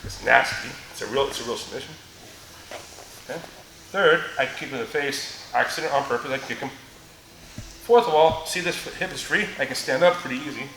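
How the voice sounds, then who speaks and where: A man's voice: medium pitch, brisk, gravelly, pauses often, fairly bright tone, a little hiss or hum. Joking middle-aged male grappling instructor. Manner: joking storyteller, laughs often, demonstrates moves. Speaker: martial arts seminar instructor. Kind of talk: live teaching seminar with anecdotes. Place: large echoey training gym. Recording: echoey gym with faint ambience.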